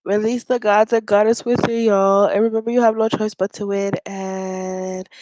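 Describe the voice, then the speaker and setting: A woman's voice: fairly high pitch, level tone, a little fast, darkish tone, dry recording, rough recording. A woman hosting a casual mukbang livestream from home, chatty and giggling at her own jokes, with a stuffy nose.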